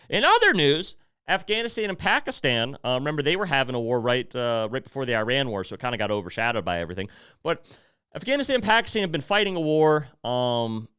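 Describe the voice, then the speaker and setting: A man's voice: a little high, sharp tone, clear, resonant tone, dry recording, studio quality. A man hosting a podcast, ranting in a heated, profane, blunt way and breaking off now and then to apologize. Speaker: podcast host. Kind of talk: casual opinion rant.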